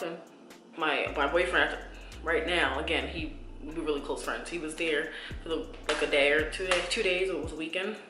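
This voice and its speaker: A young woman in her twenties talks straight to her viewers in a casual, rambling way, circling back and restarting as she confides. Her voice comes across bright and forward. The room rings with echo, and soft music plays underneath. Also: sits low. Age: 20s. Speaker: beauty vlogger. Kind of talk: casual chat.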